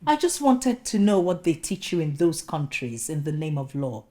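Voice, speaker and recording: A man's voice: on the high side, big pitch swings, moderate pace, warm tone. A woman voicing a condescending male law-firm owner who talks down to a job applicant in a patronizing, dismissive way. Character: condescending Welsh law-firm owner, middle-aged man.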